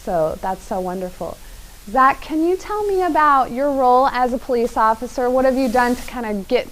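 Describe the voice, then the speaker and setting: A woman's voice: high-pitched, animated, normal speed, fairly bright tone, poor audio. A woman hosting a casual interview, prompting guests with frequent encouraging murmurs. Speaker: host.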